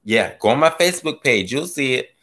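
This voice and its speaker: A man hosting a gardening live stream, chatting casually as he reads viewer comments, joking and laughing, his voice swooping from low mutters up to high squeals. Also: lively intonation, fairly quick, sharp tone. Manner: playful, laughs often. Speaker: gardening livestream host.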